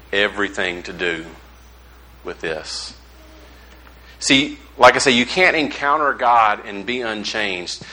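A man preaching a sermon, a folksy, animated storyteller who acts out the voices of the people he quotes. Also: medium pitch, rough recording. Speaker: pastor.

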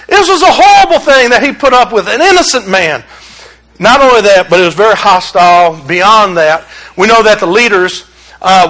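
A man preaching a sermon in a conversational, humorous and animated way. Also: sits high, low-quality recording.

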